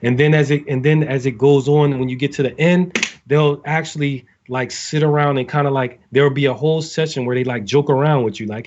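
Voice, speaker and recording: A man's voice: medium pitch, fairly even intonation, fairly quick, darkish tone, muffled recording. A man, a navy sailor, giving casual advice to recruits, talking in a rambling way with many fillers and restarts.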